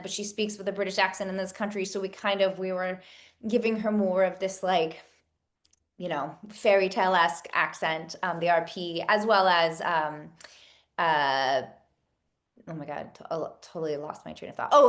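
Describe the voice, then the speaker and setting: A woman in her thirties, an actress and producer, chatting in an interview and rambling with many fillers and restarts. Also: lowish voice. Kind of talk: casual interview chat.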